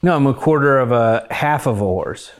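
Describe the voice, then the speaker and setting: A man hosting a comedy show, talking in a dry, earnest, halting way. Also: medium pitch, expressive. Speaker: host. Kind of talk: deadpan comedy chat.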